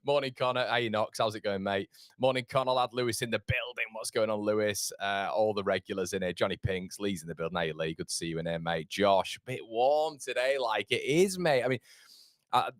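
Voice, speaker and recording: A man's voice: fairly low pitch, a little fast, no echo, clean studio sound. A young man hosting a live football transfer chat, chatty and cheeky as he reads out viewer comments. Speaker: host.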